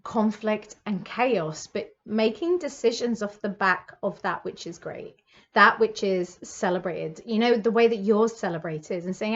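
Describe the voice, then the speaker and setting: A woman's voice: medium pitch, a little slow. Effusive British woman reading tarot. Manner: warm, effusive, reassuring, with many fillers. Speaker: psychic tarot reader. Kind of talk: monthly tarot reading to camera. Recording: slightly dull, lo-fi sound.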